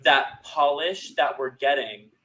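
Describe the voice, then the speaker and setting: A man's voice: fairly high pitch, takes it slowly, pushed and bright, a little hiss or hum, low-quality recording. A man co-hosting a casual podcast, rambling and often restarting his thoughts. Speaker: podcast co-host. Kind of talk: casual chat.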